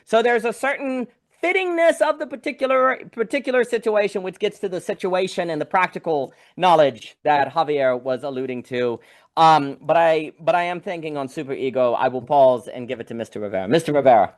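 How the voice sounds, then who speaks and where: A man's voice: fairly high pitch, a little fast. A man in a casual online discussion who thinks aloud and then hands the floor to another speaker.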